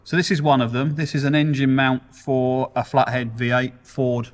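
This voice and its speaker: A man chatting casually and informally with a friend in a relaxed, friendly way. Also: medium pitch, normal speed, big-room sound. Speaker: visiting friend. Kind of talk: casual chat.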